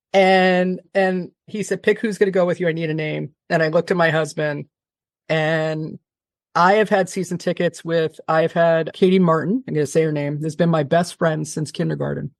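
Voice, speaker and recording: A woman guest on an interview podcast, telling a long story in an animated, fast-talking way, often restarting her sentences. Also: deep voice, gravelly, dry recording, studio quality. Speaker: television producer, guest.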